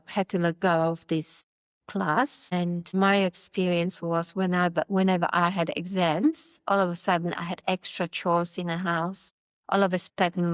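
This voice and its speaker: A woman's voice: fairly low pitch, no echo. A woman from Poland telling her life story as an interview guest, candid and wry, acting out the voices she quotes and laughing often. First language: Polish.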